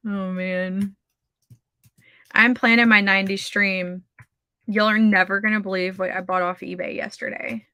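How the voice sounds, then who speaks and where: A woman's voice: medium pitch, fairly even intonation, takes it slowly, pauses often, bright, forceful tone, clear, resonant tone, no room sound, clean studio sound. A woman, hosting a livestream of writing sprints in a chatty way and reading out viewer comments. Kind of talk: casual livestream chat.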